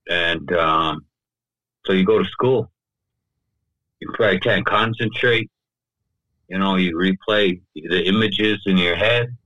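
Man, low voice, bright forceful tone, podcast guest, conversational storytelling, loose filler-heavy talk, dry close mic. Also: slow pace, long pauses, no room sound, lo-fi sound. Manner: loose and talky, fills with "you know" and "right?". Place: podcast studio.

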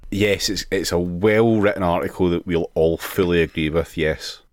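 A man hosting a podcast, presenting news stories with dry, deadpan humor. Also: low-pitched, moderate pace, no echo. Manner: dry, deadpan, laughs often. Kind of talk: casual news banter.

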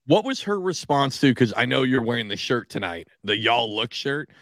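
A man hosting a podcast in casual chat, wry and profane, firing quick questions. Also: mid-range voice, animated, fairly bright tone, no echo. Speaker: podcast host. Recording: dry close-mic studio sound.

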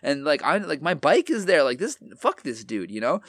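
A man's voice: fairly high pitch, very animated, normal speed, a bit bright, no room sound, studio quality. A young man telling a story in a casual podcast chat, loose and full of swearing and "like" fillers.

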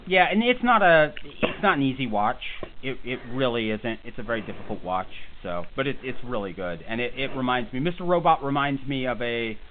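A man's voice: mid-range voice, animated, fairly quick, few pauses. A man hosting a podcast in casual chat, rambling and joking at his own expense. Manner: rambling, joking, self-deprecating. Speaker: podcast host. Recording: tinny phone-like audio with faint hiss.

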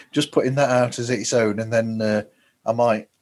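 A man's voice: medium pitch, steady tone, normal speed. A man co-hosting a podcast, chatting casually and teasing his partner. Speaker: podcast co-host.

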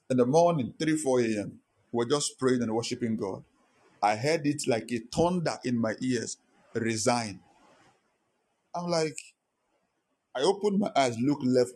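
Husky-voiced preaching man. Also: medium pitch, darkish tone. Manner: impassioned preaching, rising to emphatic rhetorical questions. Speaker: pastor. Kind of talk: sermon.

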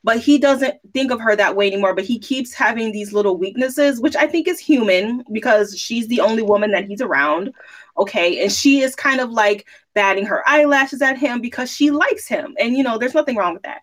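A woman giving her take on a book in a casual podcast chat. She talks in long, critical stretches, laying out what the author should have done. Her voice is fairly high. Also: expressive, a little fast. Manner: critical, explains her view at length. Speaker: podcast co-host.

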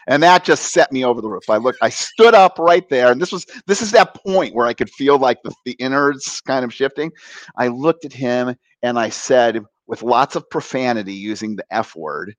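A middle-aged man telling a personal story on a talk show, animated and laughing as he acts out the voices of others. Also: medium pitch, moderate pace, no echo, poor audio. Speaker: guest.

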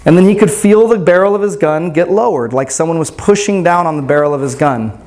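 A man's voice: fairly high pitch, fairly quick, darkish tone. A pastor telling a story to his congregation in a casual sermon, often checking in with "right?".

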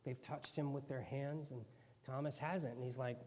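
A man's voice: mid-range voice, steady tone, normal speed, darkish tone. A man preaching a sermon in a conversational way, now and then acting out quoted voices. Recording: long hall reverb.

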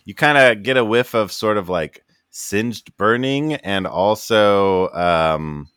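A man's voice: lowish voice, lively intonation, slow pace, fairly bright tone, clean tone, no room sound, clean studio sound. A man narrating as game master of a tabletop game, loose and casual with plenty of fillers.

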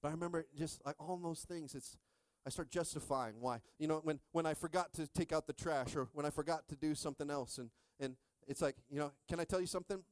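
A middle-aged man pastor preaching a sermon with call-and-response, joking with the congregation and rising into shouted stretches. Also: fairly high pitch, fast talker, few pauses, dry recording.

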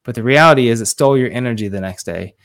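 A man's voice: mid-range voice, rapid-fire, fairly bright tone. A man in his forties speaking as a podcast guest, an earnest fatherhood coach who tells stories emotionally and acts out what others said. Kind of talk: casual interview storytelling.

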